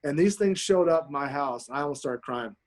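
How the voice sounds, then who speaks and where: Podcast guest, male, a touch high-pitched, gushing profane storyteller. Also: a little fast. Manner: swears constantly, excited and emphatic. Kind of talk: casual storytelling chat.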